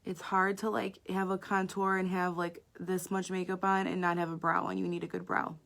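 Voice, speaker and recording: A woman's voice: lowish voice, little pitch movement, moderate pace, creaky, a bit bright. A woman makeup artist giving a chatty live makeup tutorial, talking straight to her viewers.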